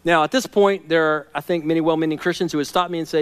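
A man preaching a sermon, reading scripture with passion and dropping to hushed tones between loud, pleading lines. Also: a little high, fairly even intonation, fast, clear, resonant tone. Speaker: pastor.

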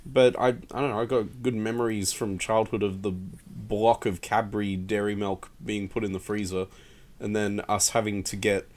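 A podcast co-host, a man with a lowish, slightly mellow voice, teases his way through casual chat. His pitch barely moves and he speaks at a normal speed.

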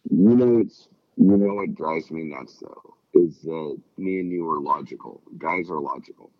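A man's voice: rumbling low, moderate pace, no echo, lo-fi sound. A middle-aged man chatting casually, rambling and swearing as he acts out quotes. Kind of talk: casual chat.

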